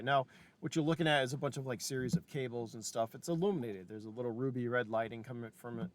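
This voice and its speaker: A man's voice: medium pitch, steady tone, fast. A man narrating as game master of a tabletop game, casual and chatty, swearing often.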